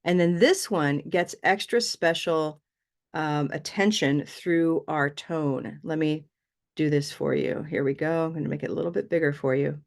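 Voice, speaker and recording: Patient woman teaching pronunciation, low voice. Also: normal speed, creaky. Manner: patient, explains step by step. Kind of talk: online class explanation.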